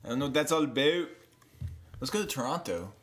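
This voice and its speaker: A man's voice: medium pitch, lively intonation, quick pace, a bit bright. A young man co-hosting a podcast, joking around casually in a profane, offhand way. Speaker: podcast co-host. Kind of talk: casual chat.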